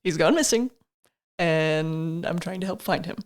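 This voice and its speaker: A woman's voice: fairly low pitch, measured pace. A woman playing a tabletop game, hesitant and laughing often. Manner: giggly, hesitant. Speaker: player.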